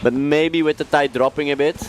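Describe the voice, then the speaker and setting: A man co-commentating live on a sports event, relaxed and plain-spoken. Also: fairly high pitch, brisk. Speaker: co-commentator, athlete. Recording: faint outdoor noise.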